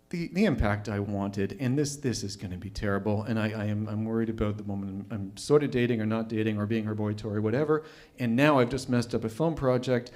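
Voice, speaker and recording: A man telling a personal story at a live storytelling night, wry and self-mocking. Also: mid-range voice.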